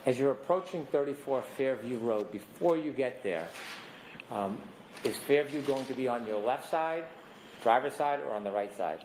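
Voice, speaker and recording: Prosecutor examining a witness, mid-pitched man's voice, steady and methodical. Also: slight background noise, low-quality recording. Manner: measured, methodical questions. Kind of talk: courtroom questioning. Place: courtroom.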